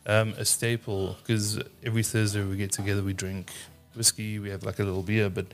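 A man's voice: on the low side, level tone, fairly quick, faint music behind. A South African man co-hosting a casual podcast, laid-back and saying dude a lot. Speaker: podcast co-host. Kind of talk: casual chat.

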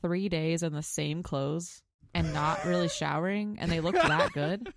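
A woman co-hosting a casual movie chat, playful and teasing. Her voice is mid-pitched and moves animatedly up and down. The sound is close and dry. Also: animated, measured pace, no echo. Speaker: podcast co-host.

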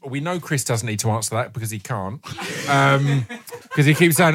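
A man's voice: mid-range voice, moderate pace, a bit bright. A man hosting a casual, sweary chat and reading out listener questions. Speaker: podcast host.

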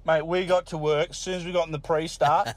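A man's voice: a little high, level tone, brisk, no room sound. Australian man telling a crude yarn. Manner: crude, laughing, heavy swearing. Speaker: caller sending in a story. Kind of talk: casual storytelling.

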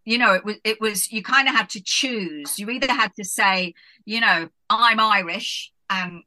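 A middle-aged woman from England, talking as a guest in a relaxed interview and musing reflectively, with frequent restarts and "you know"s. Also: medium pitch, moderate pace. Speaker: guest author. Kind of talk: casual interview chat.

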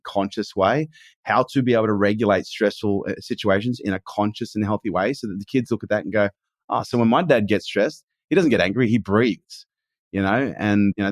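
Emphatic man, low dry voice. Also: dry recording. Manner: earnest and emphatic, swears casually. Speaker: podcast guest. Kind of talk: casual conversation.

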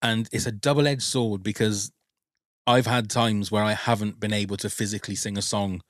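A man with a lowish voice speaks openly about his feelings as he hosts a relaxed chat. The sound is close and dry, with no room echo around him. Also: normal speed. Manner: open, emotional storytelling, swears. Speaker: podcast host. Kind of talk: casual chat.

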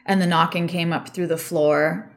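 Lower-voiced woman guest, eager storyteller. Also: fairly even intonation, normal speed. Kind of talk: casual chat.

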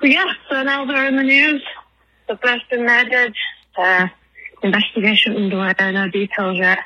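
On poor audio, a woman from England calls a podcast and leaves a rambling voicemail, winded from her dog walk and dropping plenty of ums and likes. Her fairly high voice stays level at normal speed, sounding bright and forceful.

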